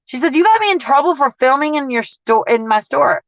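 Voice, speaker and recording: Woman, fairly high voice, blunt, profane, animated, casual livestream rant, dry slightly dull sound. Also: fairly quick, no echo. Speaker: couponing vlogger.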